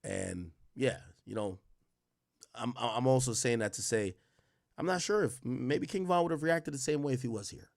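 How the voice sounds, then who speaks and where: A man hosting a livestream, reacting to a clip in an animated, slangy, profane way and thinking out loud. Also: medium pitch, moderate pace, gravelly. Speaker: livestream commentary host. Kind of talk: live-stream reaction commentary.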